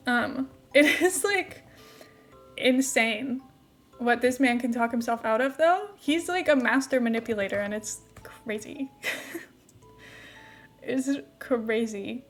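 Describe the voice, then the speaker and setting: A woman's voice: sits high, animated, a little slow, fairly bright tone, soft background music. A young woman streamer chatting casually while playing a game, rambling with lots of "like" fillers and light laughs.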